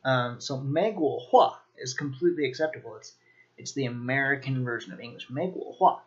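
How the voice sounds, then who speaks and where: A man giving a casual video lesson on vocabulary, talking in a relaxed way with lots of ums and restarts. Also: medium pitch, brisk, lo-fi sound. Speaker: language teacher.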